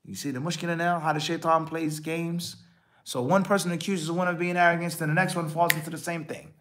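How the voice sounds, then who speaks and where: A man's voice sitting a little higher than most men's, explaining religious points in a live question-and-answer lecture. He is emphatic, swings between loud stressed words and quieter asides, and keeps checking in with rhetorical questions while dropping Arabic terms into his explanations. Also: a little fast. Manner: emphatic, rises and drops in loudness. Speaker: Islamic scholar answering questions.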